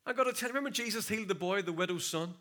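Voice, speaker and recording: A man preaching a sermon in a church, swinging from loud shouts to hushed storytelling. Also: high-pitched, racing. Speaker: pastor. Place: church hall.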